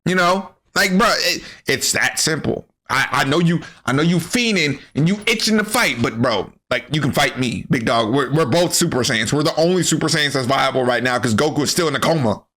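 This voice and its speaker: A man giving a comedic, profane anime recap, animated and full of slang. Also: a little high, a little fast, hardly any pauses. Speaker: anime commentary creator.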